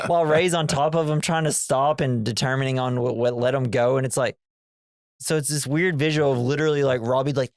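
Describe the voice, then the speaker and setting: A man's voice: medium pitch, fairly even intonation, normal speed, dry recording, studio quality. A man co-hosting a casual movie podcast, rambling and acting out characters' lines. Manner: rambling, acts out quoted lines. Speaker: podcast co-host. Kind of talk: casual movie review chat.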